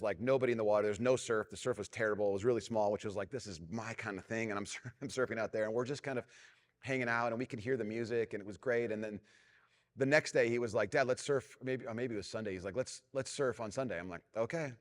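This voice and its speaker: A middle-aged man preaching a sermon as pastor, telling a self-mocking story and dropping to a hushed, prayerful tone. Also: lowish voice. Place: large church hall. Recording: long reverb of a church hall.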